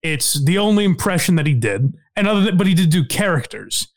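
A man's voice: fairly high pitch, big pitch swings, brisk. A man co-hosting a casual comedy podcast, rambling and laughing with plenty of restarts. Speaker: podcast co-host.

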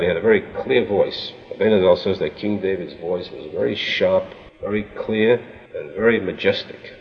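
Male Torah teacher with a low voice, measured storytelling, dull lo-fi recording. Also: big-room sound. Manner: measured retelling that voices the quoted speakers. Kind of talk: storytelling lesson.

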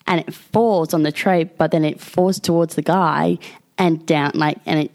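A young woman tells a story on her podcast in casual, animated chat. Her voice sits fairly low for a woman. She swears freely and laughs often. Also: moderate pace. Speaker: podcast co-host.

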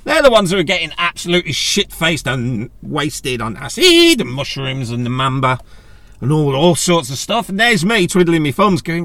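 A man's voice: high-pitched, very animated, moderate pace, sharp tone, no echo. A man with a sweary, sarcastic manner, ranting casually in a vlog. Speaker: vlogger. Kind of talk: casual rant.

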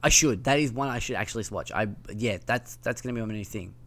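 A man with a slight lisp hosts a casual gaming news podcast, rambling loosely with plenty of ums and likes. His voice is mid-range and fairly bright, and he talks fast.

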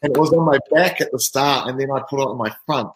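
A man's voice: medium pitch, fast, roomy sound, rough recording. A man, a rugby player telling an anecdote casually and animatedly, often breaking into laughter. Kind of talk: casual storytelling.

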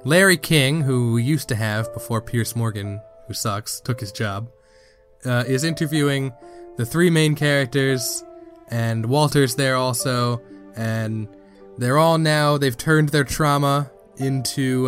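Lively man in his thirties reviewing films. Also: medium pitch, measured pace, faint music behind. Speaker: podcast co-host. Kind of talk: casual movie review chat.

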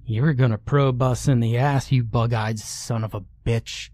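A man voicing a sick, defiant young man who swears gruffly. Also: mid-range voice, fairly even intonation, moderate pace, darkish tone, dry recording, lightly acted.

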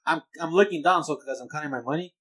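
This young man talks loosely and swears a lot, laughing as he rambles through a story. His voice sits a bit high for a man. It is easygoing podcast banter between friends. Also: fast, fairly bright tone, poor audio. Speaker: podcast co-host. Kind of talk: casual chat, storytelling.

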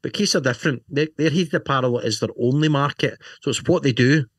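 Recorded dry in a clean studio, a man with a medium-pitched, slightly rough voice talks a little fast. He co-hosts a podcast, joking and rambling about motorcycle gear with plenty of "you know" and "right?".

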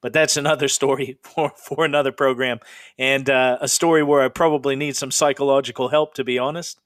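Brief: middle-aged male podcast host, Pacific Northwest native, rambling campfire-style storyteller, mid pitch, dry close sound. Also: steady tone, fairly quick, a bit bright, dry recording. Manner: chatty, rambling, with frequent fillers. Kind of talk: casual ghost storytelling.

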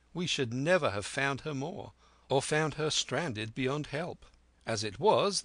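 Brief: male audiobook narrator, mid-pitched, steady, dry close-mic studio sound. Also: no echo. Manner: steady, clear reading. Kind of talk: scripted narration.

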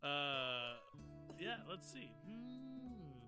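A man co-hosting a casual podcast, giggly and relaxed as he rambles. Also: high voice, drawn-out words, over music. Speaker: podcast co-host. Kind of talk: casual chat.

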